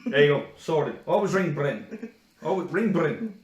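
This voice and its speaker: A man's voice: on the high side, big pitch swings, measured pace, far from the mic. Joking man in a roomy room. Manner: jokey, profane banter. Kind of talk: casual chat.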